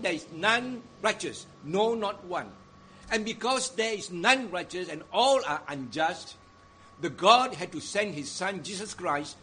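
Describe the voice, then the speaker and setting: A man preaching a sermon in a deliberate, emphatic way, stressing repeated phrases. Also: high voice, a bit bright, a little hiss or hum.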